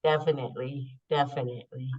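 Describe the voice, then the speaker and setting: A woman hosting a podcast, chatting casually and warmly telling a story, openly emotional. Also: extremely low pitch, steady tone, brisk. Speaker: podcast host. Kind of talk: casual interview chat. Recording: dull lo-fi sound.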